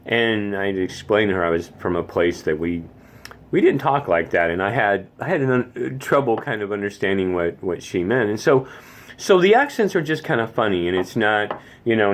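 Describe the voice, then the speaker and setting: A man in his fifties from the Phoenix area, talking in a rambling casual monologue with many stammered restarts. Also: deep voice. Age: 50s. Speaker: vlogger.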